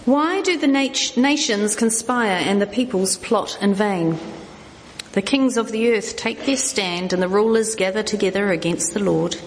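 A woman reading a psalm aloud during a church service, careful and plain, now and then tripping over a word. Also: mid-range voice. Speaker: scripture reader. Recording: echoey hall with faint noise.

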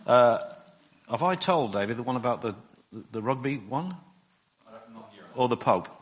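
Husky, rambling male preacher. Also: medium pitch, animated, measured pace. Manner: rambling, self-deprecating, frequent restarts. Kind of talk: sermon.

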